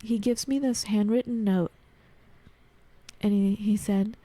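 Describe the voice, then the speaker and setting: A woman guest on a podcast, telling a personal story in lively conversation, acting out the voices of people she quotes and using many filler words. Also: medium pitch, takes it slowly, pauses often. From United States. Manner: animated, acts out quoted voices, frequent "like".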